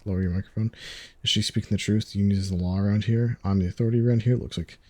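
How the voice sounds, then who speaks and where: A game streamer in whispered role-play, talking softly and hesitantly. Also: low voice, steady tone, very fast, no echo. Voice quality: soft, breathy, hesitant with "uh".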